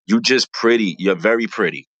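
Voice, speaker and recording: A reality show commentator gives casual, slangy, animated commentary at a moderate pace, repeating lines for emphasis. The voice leaps high when excited, and the recording has no echo.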